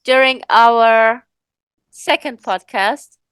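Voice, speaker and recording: A woman's voice: on the high side, extremely slow, fairly bright tone, clear, resonant tone, no echo. A woman co-hosting a podcast in casual chat, thoughtful and rambling, with many fillers and restarts. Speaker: podcast co-host.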